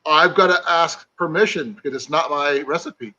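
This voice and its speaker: A man's voice: on the high side, normal speed, crowd noise, rough recording. A man from Iowa joining a casual live-stream chat as a guest, chatty and rambling. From Iowa, USA.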